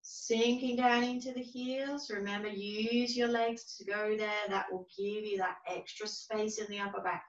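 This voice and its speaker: A woman teaching a yoga class, giving calm, gentle, unhurried cues. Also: mid-range voice. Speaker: yoga instructor. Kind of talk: guided yoga class instruction. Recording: roomy, distant, dull-sounding recording.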